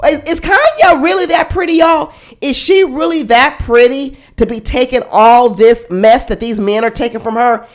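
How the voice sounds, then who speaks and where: Woman, fairly high voice, sassy, blunt, animated, casual reaction commentary. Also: moderate pace. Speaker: reality TV reaction host.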